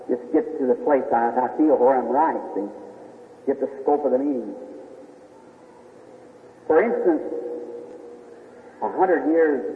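Man preaching in an old tinny hall recording. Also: fairly high pitch. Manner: folksy, asks the crowd "is that right?". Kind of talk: sermon. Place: large hall before a crowd.

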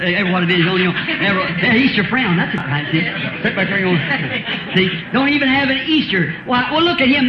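High-voiced folksy preacher, old tape. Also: male voice, slight background noise. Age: 50s. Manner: folksy, rhetorical questions, chuckles often. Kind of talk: sermon. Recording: roomy, dull old sermon tape.

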